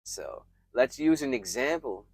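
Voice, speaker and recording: A man's voice: mid-range voice, animated, a little mellow, slightly rough, no room sound. Man giving earnest self-help advice, dry sound. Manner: reflective, emphatic, with frequent pauses and restarts. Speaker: self-help video creator.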